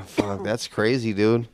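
A man's voice: on the low side, gravelly, dry recording. Wisecracking, profane young man. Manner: profane, wisecracking, quick jokes. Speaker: podcast co-host. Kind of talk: casual chat.

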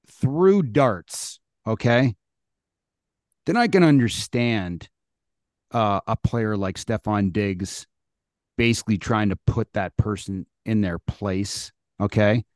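A man co-hosting a casual sports talk show, speaking close to the mic in a dead, dry room. He rants bluntly and emphatically, swearing freely, at a middle pitch. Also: a little mellow, no room sound. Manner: blunt, emphatic, profane ranting. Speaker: sports podcast co-host.

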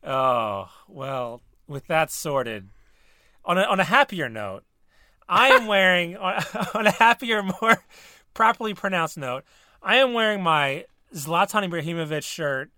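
Bright-voiced man hosting a podcast. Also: on the high side, lively intonation, a little slow, no room sound. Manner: dry teasing, laughs often. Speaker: podcast host. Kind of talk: casual podcast banter.

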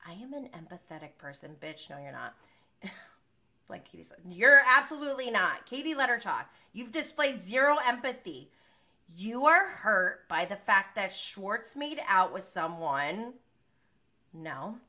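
Young woman, casual live recapper, bright tense tone, blunt and sweary. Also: mid-range voice, unhurried. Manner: animated, blunt and swears freely. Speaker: live-streaming reality TV recapper.

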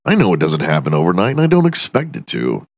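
A man's voice: deep voice, huge pitch swings, fast, creaky, no echo, studio quality. A man hosting a podcast alone in his room, delivering a profane, self-mocking comedic rant. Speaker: podcast host.

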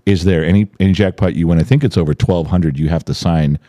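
A middle-aged man telling a family story in a casual, profane way, jumping into high voices when he quotes people. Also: fast talker, dark tone, no room sound, clean studio sound. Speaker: podcast co-host telling a story.

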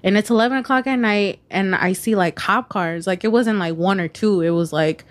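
A woman's voice: medium pitch, normal speed. Candid young woman telling her story. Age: 20s. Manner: candid, swears freely, peppered with "like" and "you know". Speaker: podcast guest. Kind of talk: casual storytelling.

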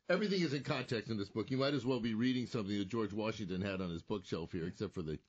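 A man hosts a casual talk show, joking and teasing his guests. His voice sits on the low side. The audio is muffled and lo-fi. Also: quick pace. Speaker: host.

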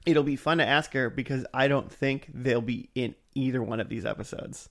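A man's voice: medium pitch, normal speed, gravelly, fairly bright tone. A man hosting a podcast in casual chat, teasing his co-hosts, easily sidetracked and laughing mid-sentence. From United States. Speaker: podcast host.

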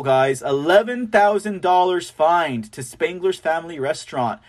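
Mocking high-voiced male commentator. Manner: scornful, mocking, repeats words. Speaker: host of political commentary show. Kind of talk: opinionated commentary.

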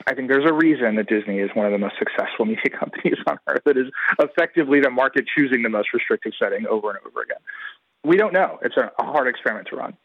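A man's voice: medium pitch, animated, racing, dry recording. A man giving a guest commentary in a radio interview, analytical and emphatic, talking in long runs. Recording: dull lo-fi radio line.

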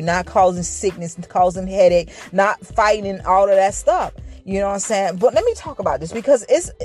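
A vlogger giving a casual, reflective motivational talk to viewers, rambling with frequent restarts and a slight stutter. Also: mid-range voice. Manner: says they stuttered in school.

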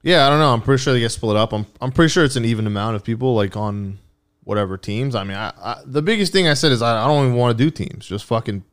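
A man's voice: mid-range voice, fast, clean tone. A man hosting a casual podcast, rambling and joking with lots of swearing. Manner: profane, rambling, jokey. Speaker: podcast host.

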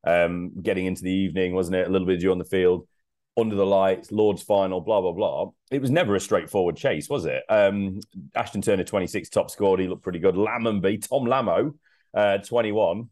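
Podcast co-host: man, very low voice, chatty and jokey, laughs a lot. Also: a little fast, a little mellow. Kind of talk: casual sports podcast chat.

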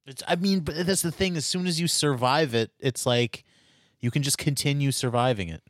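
A man co-hosting a podcast answers with short, wry remarks and sarcastic asides. His voice has a middle pitch for a man. The recording is close and dry. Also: normal speed, no echo. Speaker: podcast co-host. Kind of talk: casual podcast chat.

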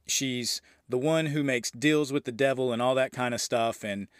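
In a clear, resonant voice of middle pitch, a man who hosts a film review podcast goes scene by scene through a horror movie at a moderate pace. He's loose and eager, full of fillers, with an odd swear word. The sound is dry and close, without any echo.

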